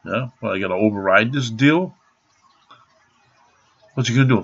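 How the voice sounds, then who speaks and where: Brief: angry male vlogger, husky, swears constantly, lo-fi recording. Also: lowish voice, normal speed, pauses often. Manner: profane, rambling, bursts of shouting. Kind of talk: angry rant to camera.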